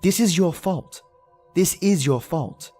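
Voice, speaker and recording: A man voicing a cold, scornful young woman who accuses her lover in a dark storybook narration. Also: lowish voice, takes it slowly, faint music behind, voice pushed up. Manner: accusing, repetitive.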